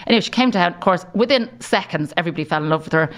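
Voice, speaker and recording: Animated Irish woman telling stories. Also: on the low side, racing. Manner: animated storyteller, laughs often. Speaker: guest, broadcaster. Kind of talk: casual interview chat.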